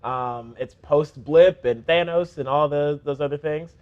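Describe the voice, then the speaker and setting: A man co-hosting a casual panel chat who agrees readily and chimes in with quick replies. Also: fairly high pitch, smooth, lo-fi sound.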